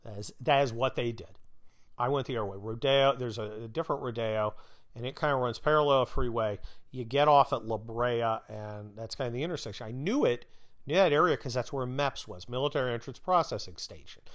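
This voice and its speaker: A man's voice: mid-range voice, a little fast. Blunt, profane storytelling man. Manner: profane, blunt, acts out quoted voices. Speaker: podcast host. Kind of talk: casual storytelling.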